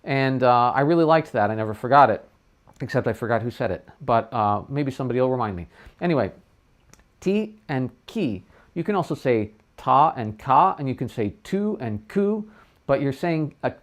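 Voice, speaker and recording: A man's voice: mid-range voice, lively intonation, normal speed. A middle-aged man teaching trumpet tonguing in a casual livestream lesson, chatting loosely and sounding out syllables.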